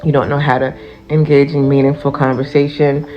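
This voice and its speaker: Low-voiced woman lecturing dismissively. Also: level tone, fairly quick. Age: adult. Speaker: commentator. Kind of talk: dismissive social media rant. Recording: dull clip with music behind.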